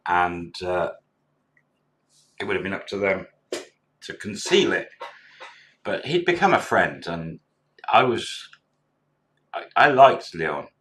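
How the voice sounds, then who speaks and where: A man's voice: low-pitched, pushed and bright. A middle-aged man, a former bar manager, casually tells a story and acts out the quoted dialogue in a chatty way.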